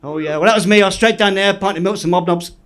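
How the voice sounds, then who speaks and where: A man doing stand-up in a club, delivering one-liners deadpan, with the odd quick chuckle at his own jokes. His voice sits notably high for a man. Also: background noise. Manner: deadpan joke delivery with quick self-laughs. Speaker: stand-up comedian. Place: comedy club stage.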